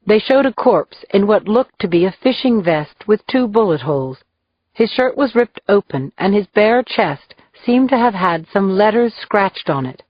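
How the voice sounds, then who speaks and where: A woman reading a crime novel aloud in measured, even audiobook narration, in a dull, dry lo-fi recording. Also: mid-range voice, no room sound.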